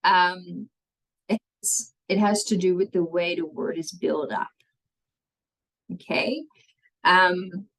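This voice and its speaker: Woman, language teacher, slow pace, patient, step-by-step explanations, checks in often. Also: on the low side, rough recording. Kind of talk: explaining spelling rules in a language lesson.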